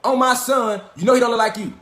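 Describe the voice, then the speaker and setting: Fast-talking, high-voiced man ranting. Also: fairly even intonation, a bit bright. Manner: profane, emphatic, repeats rhetorical questions. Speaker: online lecturer. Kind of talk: animated livestream rant. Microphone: phone or webcam.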